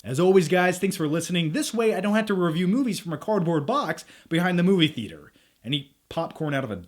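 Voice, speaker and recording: A young man reviews a film straight to camera in a casual, chatty way and drops in jokey asides. His voice sits high for a man. It swings widely in pitch as he talks. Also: animated, fast. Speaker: movie reviewer, channel host.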